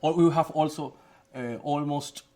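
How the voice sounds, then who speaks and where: A man from Venezuela whose first language is Spanish, speaking English with a Venezuelan Spanish accent, halting and searching for words in a casual interview. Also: on the high side, steady tone, a little mellow. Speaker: guest musician.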